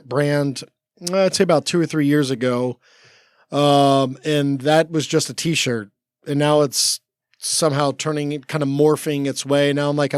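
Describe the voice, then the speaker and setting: Man with a higher voice telling rambling stories. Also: smooth, no echo, studio quality. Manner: rambling, full of 'like', acts out quoted talk. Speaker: podcast guest, former Navy SEAL. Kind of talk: casual storytelling chat. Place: podcast studio.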